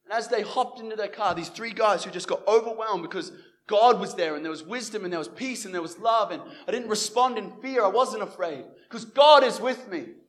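A man's voice: high-pitched, fairly quick. A young man, telling a personal faith testimony and acting out the dialogue he quotes. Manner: animated, acts out the dialogue he quotes. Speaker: Christian evangelist.

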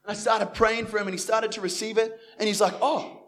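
Quick-paced and high-pitched, a young man tells a personal faith testimony. This Christian evangelist is animated and acts out the dialogue he quotes.

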